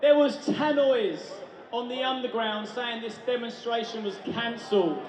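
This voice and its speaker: A man's voice: very high-pitched, a little slow. A man compering an outdoor rally through a handheld mic, joking and rousing the crowd. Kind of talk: shouted rally speech. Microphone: handheld mic over a PA. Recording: echoey PA in a noisy street crowd. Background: crowd noise.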